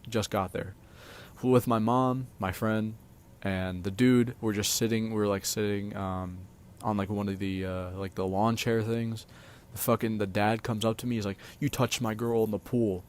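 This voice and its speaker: A young man with a fairly low voice tells personal stories straight to his audience. He rambles loosely, full of filler words and casual swearing. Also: fairly even intonation, moderate pace, a little hiss or hum. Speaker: vlogger. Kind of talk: casual storytime monologue.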